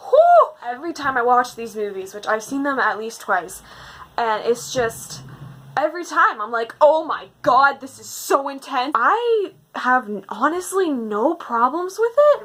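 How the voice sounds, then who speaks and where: A young woman in a casual, rambling movie-ranking chat, gushing and animated with lots of fillers. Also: a little high, poor audio. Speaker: book video host.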